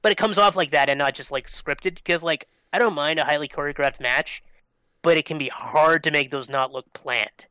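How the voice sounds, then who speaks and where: Guy on a podcast rambling through an explanation, kinda high bright voice, lots of "you know" and cussing. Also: normal speed, clean tone, no echo. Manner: explains at length, loose and profane, with many fillers. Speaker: podcast co-host. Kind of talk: casual chat.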